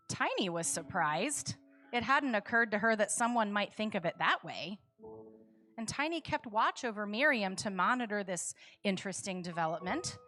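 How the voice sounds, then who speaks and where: A woman's voice: fairly high pitch, a bit bright. Woman telling a sermon story. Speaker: worship service speaker.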